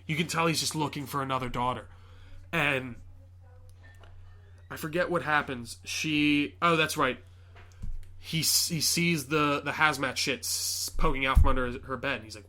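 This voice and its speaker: A young man on his podcast animatedly recounts a film scene by scene in a casual chat, acting out characters and swearing a lot. He has a mid-range voice and a moderate pace.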